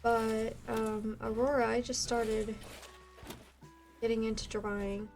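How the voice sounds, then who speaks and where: A woman's voice: fairly high pitch, flat delivery, slow pace, a little mellow, faint music behind. A woman in her twenties, a game streamer chatting casually with her live viewers in a rambling way, full of "like" fillers.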